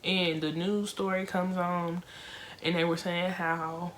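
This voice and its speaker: A young woman casually reviewing a film for her viewers, talking in an emotional, expressive way with lots of fillers. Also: lowish voice, takes it slowly, slight background noise.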